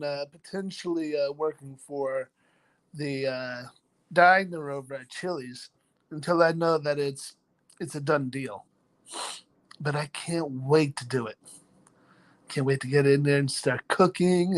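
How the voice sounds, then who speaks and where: A man hosting a casual live chat, reading out viewers' names, joking about himself and laughing often. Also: fairly high pitch. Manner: laughs often between lines. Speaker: live stream host.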